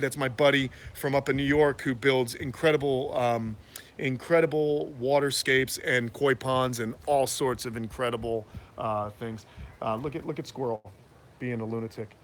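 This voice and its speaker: A man with a medium-pitched, slightly bright voice and a runny nose chats loosely on a live vlog, dropping plenty of "uh" fillers as he talks about his tortoises and his house. He breeds tortoises and vlogs from his Florida home, moving between indoors and the front of the house. He records on a phone camera, partly in selfie mode.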